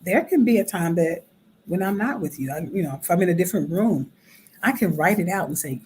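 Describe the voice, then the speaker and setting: A woman drama therapist hosting a talk show, explaining in a casual teaching way and acting out quoted voices with animated shifts. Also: lowish voice, a little fast, a little hiss or hum, rough recording.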